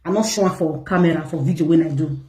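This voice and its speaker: A woman's voice: low-pitched, fast, dark tone. A Nigerian woman vlogging to her viewers, telling a story in an emphatic, indignant way. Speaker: gossip vlogger. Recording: echoey room.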